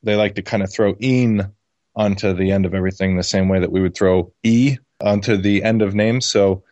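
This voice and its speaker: A man's voice: deep voice, level tone, fast talker, a little mellow, no echo, highs cut off. A man who is a guest on a podcast, explaining his views thoughtfully with some hesitation. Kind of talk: podcast interview.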